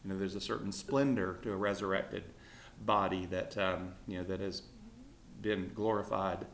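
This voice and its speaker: A man's voice: deep voice, steady tone, moderate pace, creaky, fairly bright tone, a little hiss or hum. A man teaching an informal Bible class, talking conversationally with many fillers and putting questions to his students. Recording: roomy echo.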